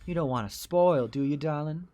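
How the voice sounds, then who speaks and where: A man's voice: fairly high pitch, normal speed, dark tone, voice pushed up, natural voice. A man voicing a cruel, possessive female boss who taunts and threatens in a sing-song way. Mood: menacing.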